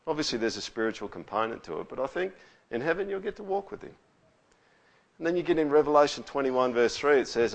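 A man's voice: medium pitch, big pitch swings, fast, gravelly, dull audio. A man preaching a sermon in a conversational way, often checking in with tags like "all right?". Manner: conversational, with frequent rhetorical tags. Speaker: pastor.

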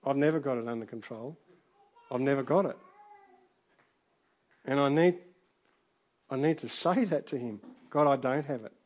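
A middle-aged man preaching a sermon in a relaxed, conversational way, full of restarts and asides. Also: medium pitch, normal speed, pauses often. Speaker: pastor.

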